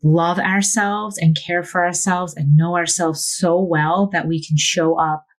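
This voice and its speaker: A woman's voice: fairly low pitch, steady tone, measured pace. A woman guest on a podcast speaking earnestly and reflectively in casual conversation.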